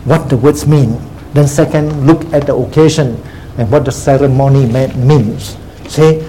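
Methodical male preacher, mellow voice. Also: fairly high pitch, slight background noise, rough recording. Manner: teaching, repeats "see?" and "you see" often; methodical, breaks ideas into numbered points. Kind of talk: expository sermon.

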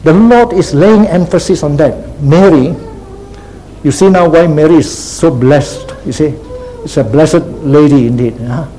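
A man's voice: on the high side, measured pace, mellow, a little hiss or hum, rough recording. A man preaching a sermon as pastor, teacherly, repeating key phrases and checking in with "See?" and "Huh?".

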